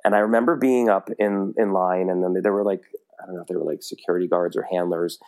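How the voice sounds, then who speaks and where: A middle-aged man with a low, gravelly voice tells a story in easy conversation. He is animated, laughs often and acts out the lines of the people he quotes. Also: fast. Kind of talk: casual storytelling.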